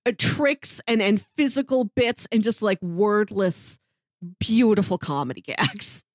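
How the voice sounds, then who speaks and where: A woman co-hosting a podcast in casual chat, enthusiastic and quick to laugh, listing details with comic emphasis. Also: mid-range voice, very animated, no echo, studio quality. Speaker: podcast co-host.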